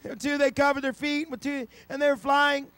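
A male evangelist delivers a sermon with emphatic, exclamatory energy and sudden surges. His voice sits very high for a man. The sound is dry and close, with little room around it. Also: flat delivery, brisk, a bit bright, no room sound. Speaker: evangelist preacher.

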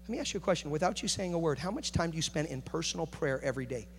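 A man preaching a sermon, moving between quiet, confiding talk and loud, rising passion. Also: a little high, expressive, racing. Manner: builds from hushed to shouting intensity. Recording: echoey hall with faint hum.

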